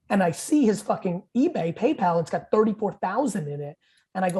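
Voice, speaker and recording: A man in his forties talks as a podcast guest, blunt and full of swearing. He tells stories rapid-fire, punching his points home. His voice has a dark, mellow tone. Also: sits high, big pitch swings. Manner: blunt, profane, rapid storytelling. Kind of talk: casual podcast interview.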